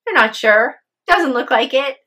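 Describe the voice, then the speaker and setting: A woman's voice: sits high, animated, measured pace, sharp tone. A woman telling a spoken ghost story with drama, acting out the voices of her characters.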